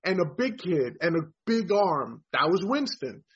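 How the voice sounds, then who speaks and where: A man's voice: high-pitched, very animated, measured pace, breathy edge. A man talking fantasy football analysis in a frank, emphatic way. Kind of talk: casual sports talk. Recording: dull lo-fi audio.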